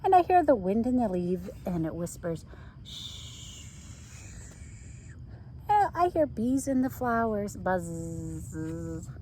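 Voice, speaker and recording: Woman teacher, picture-book read-aloud for kids, very animated pitch, playful sound effects. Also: normal speed, few pauses, slight background noise, poor audio.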